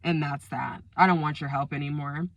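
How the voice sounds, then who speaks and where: A woman telling a personal story time to her viewers, emotional and animated, acting out the quoted lines. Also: sits low, normal speed, dry recording, highs cut off. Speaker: storyteller vlogger.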